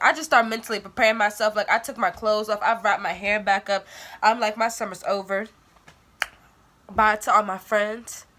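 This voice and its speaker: A young woman vlogger telling a story in a casual, animated way, full of "like"s. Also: mid-range voice. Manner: animated, dramatic retelling with many "like"s.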